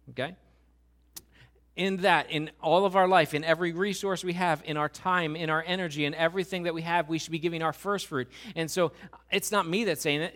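A male pastor preaching a sermon, swinging between quiet asides and loud, urgent pleading. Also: on the high side.

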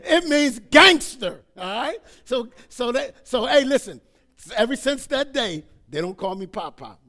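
An older man preaching a storytelling sermon, animated and calling out "amen?" and "all right?" to his congregation. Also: very high-pitched, unhurried.

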